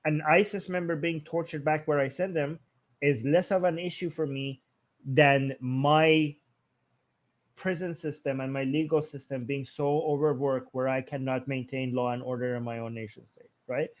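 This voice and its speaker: A man's voice: medium pitch, fairly even intonation, normal speed. A man co-hosting a live-stream talk show, arguing a point in a thinking-aloud way with frequent restarts. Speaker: political commentary co-host. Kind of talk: casual live-stream discussion.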